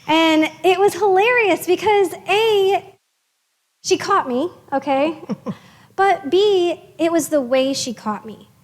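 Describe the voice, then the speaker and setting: A woman's voice: very high-pitched, takes it slowly, big-room sound. A woman social worker giving a chatty, upbeat presentation to parents, with many fillers and restarts.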